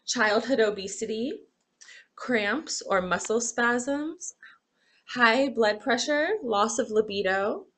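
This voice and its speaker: Woman lecturer, gravelly fry, expressive and demonstrative delivery. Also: mid-range voice. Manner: expressive, acts out examples, sighs and groans. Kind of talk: classroom lecture.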